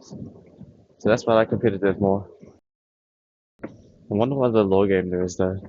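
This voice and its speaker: A man's voice: fairly low pitch, fairly even intonation, mellow, no room sound, muffled recording. Breathless man rambling about games. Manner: rambling, thinking aloud with pauses. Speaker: vlogger. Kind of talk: casual chat about games.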